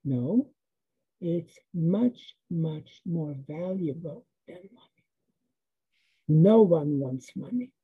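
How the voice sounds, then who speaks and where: A woman voicing a gentle mother who softly reassures her child. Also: sits low, lively intonation, very slow, pauses often, slightly rough, pitched below the performer's own voice, heavily acted. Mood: soothing. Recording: tinny phone-like sound.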